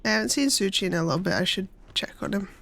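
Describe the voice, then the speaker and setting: A woman's voice: mid-range voice, expressive, very fast, fairly bright tone. A young woman streaming a game, chatting casually and playfully, thinking aloud. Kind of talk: casual live-stream chat.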